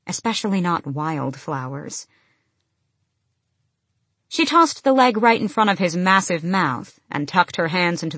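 Low-voiced woman narrating a fantasy audiobook. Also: fairly bright tone, no echo.

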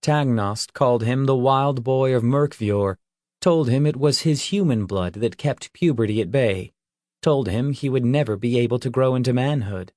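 Slow, measured male audiobook narrator. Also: medium pitch, darkish tone, no room sound, clean studio sound. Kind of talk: scripted narration.

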